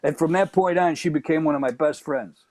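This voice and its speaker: A middle-aged man with a Chicago accent, a stand-up comedian telling a lively anecdote as a guest. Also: on the high side, a little fast, dry recording. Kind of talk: storytelling in casual chat.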